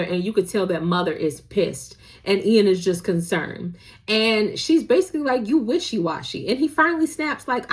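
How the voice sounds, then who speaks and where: A woman's voice: fairly high pitch, fairly bright tone. Playful gossipy woman recapping a drama. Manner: playful, gossipy, slangy, acts out quotes.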